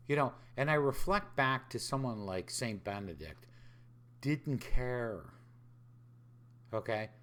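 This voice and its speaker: A man with a fairly low voice talks slowly, as a podcast host sharing his thoughts. His pitch swings widely as he acts out short bits of dialogue and asks rhetorical questions. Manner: conversational, quotes others in dialogue, rhetorical questions. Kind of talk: casual spoken reflection.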